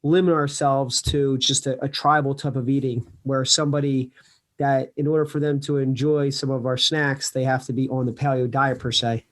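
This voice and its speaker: A man with a New Jersey accent, a company founder answering interview questions in an earnest, measured way. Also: medium pitch, little pitch movement. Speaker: podcast guest, company founder. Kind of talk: casual interview.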